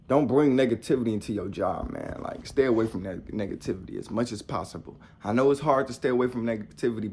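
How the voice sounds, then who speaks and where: Husky young man preaching bluntly. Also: mid-range voice, a little mellow. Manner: blunt and profane, repeats rhetorical questions; preachy, talks straight to the viewer. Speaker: motivational vlogger. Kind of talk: casual motivational monologue.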